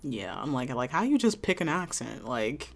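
A young woman co-hosting a casual chat, laid-back and slangy and quick to laugh. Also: very deep voice, big pitch swings, vocal fry. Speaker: podcast co-host.

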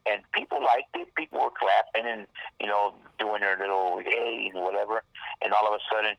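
A man's voice: on the low side, lively intonation, a little fast, vocal fry, no echo, dull audio. A man, a rapper guest, telling a rambling, profane story in casual talk and acting out the lines people said. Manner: profane, rambling, acts out quoted dialogue.

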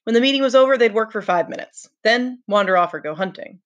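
A woman's voice: medium pitch, big pitch swings, a little fast, a bit bright, muffled recording, pitched above the performer's own voice. Casting note: exasperated boy chief, emphatic, read by a woman. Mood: frustrated. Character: earnest boy leader, frustrated.

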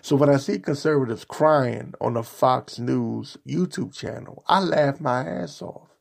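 Slow, gravelly, sarcastic man ranting. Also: medium pitch. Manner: sarcastic, mocking, insulting; repetitive, emphatic rhetoric. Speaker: political commentator. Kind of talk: ranting opinion vlog.

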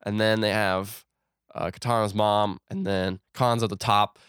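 A man's voice: lowish voice, a little slow, clear, resonant tone, no room sound, clean studio sound. A man co-hosting a podcast, retelling a film plot in casual chat and acting out the characters' lines. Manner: animated retelling with acted-out quotes. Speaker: podcast co-host.

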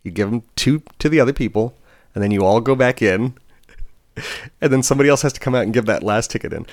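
A man's voice: mid-range voice, quick pace, no room sound, clean studio sound. A man co-hosting a podcast in casual chat, telling work stories and acting out the people in them. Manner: animated storytelling, acting out quoted voices. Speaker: podcast co-host; bartender.

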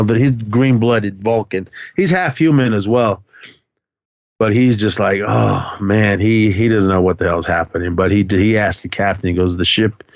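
A man's voice: lowish voice, no room sound, dull audio. A man hosting a podcast, casually retelling a movie scene in a rambling way with lots of fillers and restarts. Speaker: podcast host.

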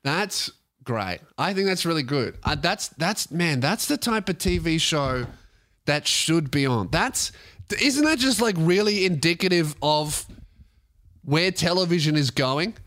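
Man, podcast comedian, high lively voice, bright tone, sarcastic and profane. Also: unhurried. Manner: sarcastic, swearing, mocking. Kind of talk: casual comedic commentary on a clip.

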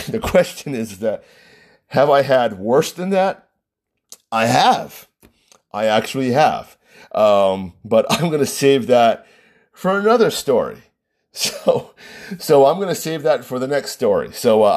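Male storyteller, husky and lively, wedding-planner type, chuckles through his anecdote. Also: medium pitch. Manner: animated, laughs between lines.

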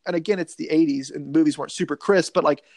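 A man's voice: a little high, steady tone, fast, darkish tone, no echo. A man casually co-hosting a movie podcast, talking in a loose, rambling, jokey way. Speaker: podcast co-host.

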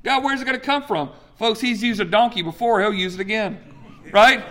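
A man in his forties preaches a sermon with a fairly high voice. He is animated, jumping up in pitch as he acts out the voices he quotes, then dropping low and quiet for weight. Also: brisk. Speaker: pastor.

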